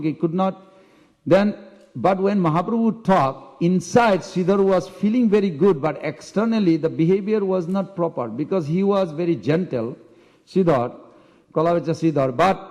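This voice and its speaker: A man preaching in a temple hall, telling a story lively and acting out its voices. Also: fairly high pitch. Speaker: preacher giving a scripture class. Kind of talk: sermon storytelling. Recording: long reverb of a temple hall.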